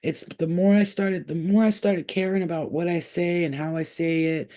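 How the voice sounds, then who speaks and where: A woman's voice: lowish voice, steady tone, moderate pace, warm tone. A woman vlogger in casual chat, swearing freely and sliding into baby talk. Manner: profane, slipping into baby talk.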